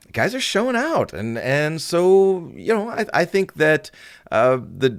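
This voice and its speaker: A man's voice: mid-range voice, fairly bright tone, no echo, studio quality. A man co-hosting a casual sports podcast, upbeat and easygoing. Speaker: podcast co-host.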